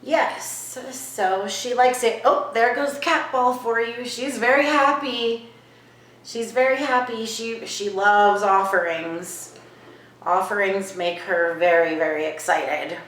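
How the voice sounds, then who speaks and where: A woman hosts a casual vlog from her home kitchen. She talks slowly and softly as she asks questions of a spirit, then turns to her viewers with eager asides. Her voice rings in the roomy space, and her pitch sits in the middle for a woman. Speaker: vlogger host.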